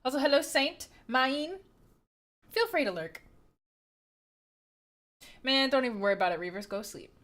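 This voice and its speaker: A woman's voice: high-pitched, very animated, moderate pace, pauses often, a bit bright. A woman livestreamer chatting casually and greeting her viewers by name, giggling often.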